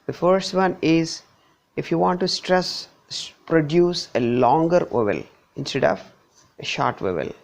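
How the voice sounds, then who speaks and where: A middle-aged male English teacher with an Indian accent works through pronunciation drills at a very unhurried pace. His voice sits a little high for a man and carries a gravelly, creaky texture. He says each example word again and again, pushing hard on the stressed syllable. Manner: repeats words slowly with exaggerated stress. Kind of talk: slide-based pronunciation lesson.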